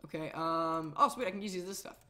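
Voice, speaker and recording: A woman's voice: low voice, quick pace, noisy background. A woman hosting a casual gameplay video, chatting in a rambling, self-mocking way. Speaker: Minecraft let's-play host.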